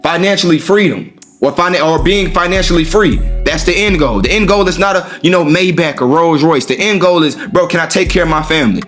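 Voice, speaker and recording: A man's voice: on the high side, a little fast, hardly any pauses, a bit bright, faint music behind. Profane, slangy motivational talker, man. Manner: profane, street slang, repeats "you know what I'm saying". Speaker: host. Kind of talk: casual motivational monologue.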